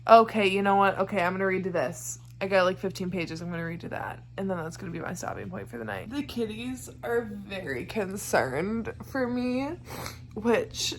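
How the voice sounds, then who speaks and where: A young woman talks through her reactions to a book in a loose, rambling vlog. She swears freely and laughs between heartfelt thoughts, her voice sitting at an ordinary middle pitch. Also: normal speed, slight background noise. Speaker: book vlogger. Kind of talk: casual reading vlog chat.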